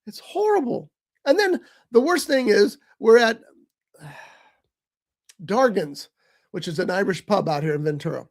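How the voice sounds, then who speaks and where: Male co-host, high voice, chatty and exasperated, casual stream talk. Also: animated, measured pace, long pauses. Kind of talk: casual movie chat. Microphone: streaming mic.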